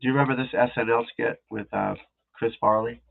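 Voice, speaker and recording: A man's voice: medium pitch, fairly even intonation, fast, creaky. A man rambling in casual live-stream chat, restarting sentences and talking to his viewers, with tinny phone-like audio. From New England. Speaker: golf instructor streaming live.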